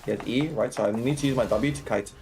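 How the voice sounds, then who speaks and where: A young man coaches live while streaming a video game, his medium-pitched voice a little mellow and faint music playing behind. Speaking fast, he explains each move, checks in with viewers using "right?" and "okay?", and laughs and banters with chat.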